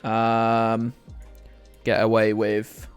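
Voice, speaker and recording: A man's voice: on the low side, monotone, very slow, smooth, soft background music. A man from the UK chatting casually and rambling to viewers while streaming a game, often joking at his own expense. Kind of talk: casual live-stream commentary.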